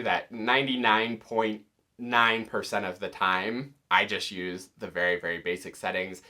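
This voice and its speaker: Bright-toned man explaining a lesson. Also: low-pitched. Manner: relaxed, explanatory, occasionally counting beats aloud. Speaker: music teacher. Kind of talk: casual tutorial explanation.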